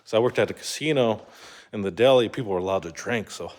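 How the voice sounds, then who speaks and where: This young vlogger talks fast in a low, slightly mellow voice. His casual monologue wanders, thick with filler words, false starts and profanity.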